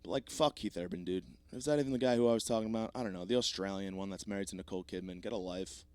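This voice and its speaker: A man's voice: low-pitched, racing, few pauses, darkish tone, clean tone, no room sound. Podcast host, man in his 30s, profane comic ranter, voice a bit sore, dry booth sound. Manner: profane, rambling, self-mocking. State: slightly sore voice. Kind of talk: comedic solo podcast rant.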